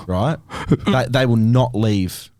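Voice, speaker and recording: A man's voice: medium pitch, takes it slowly, darkish tone, dry recording. Young male guest, curious and questioning, dry close sound. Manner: curious, asks lots of questions. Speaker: podcast guest, musician. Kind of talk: casual podcast chat.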